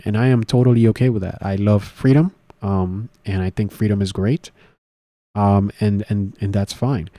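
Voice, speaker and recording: A man talks through politics in a loose, rambling way, stopping and restarting often and filling gaps with "uh" and "um". His voice sits a little low and sounds mellow and dark. The recording is dry and close, with no room sound. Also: no room sound. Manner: rambling, many fillers and restarts. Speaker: political commentary host. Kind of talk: casual solo commentary.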